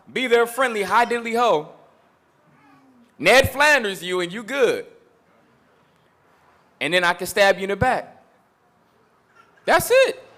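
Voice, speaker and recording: A man's voice: very high-pitched, sharp tone. A man preaching a sermon that mixes scripture with street talk, emphatic and repetitive, with mocking asides.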